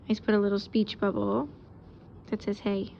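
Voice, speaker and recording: A woman teacher giving a casual recorded lesson, explaining out loud while she sketches examples. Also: mid-range voice, monotone, moderate pace, vocal fry, lo-fi sound, slight background noise.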